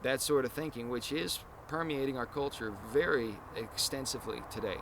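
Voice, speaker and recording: A man's voice: mid-range voice, moderate pace. Earnest rambling man, street noise. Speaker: podcast host. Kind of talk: casual chat.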